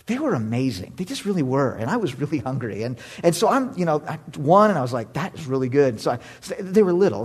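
A man in his thirties preaching a sermon, animated and humorous, jumping from loud exclamations to hushed asides. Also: on the high side, breathy edge. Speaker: pastor.

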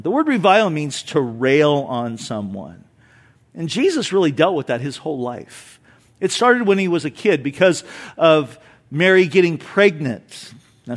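A male pastor preaching a sermon in a conversational, animated way, with rhetorical questions and light humor, swinging between loud emphasis and soft low asides.

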